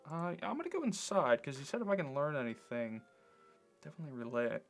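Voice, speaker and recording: A man's voice: on the high side, very animated, fast. Man thinking aloud over a game. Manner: thinks aloud with fillers, reads on-screen story text. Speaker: let's play gamer. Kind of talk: casual game commentary and reading text aloud. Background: faint game music.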